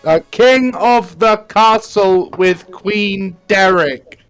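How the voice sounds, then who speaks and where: A man's voice: sits high, drawn-out words, fairly bright tone, clean tone, faint music behind. A man chatting and joking with friends on a gaming stream. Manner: joking, laughing. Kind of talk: casual gaming chat.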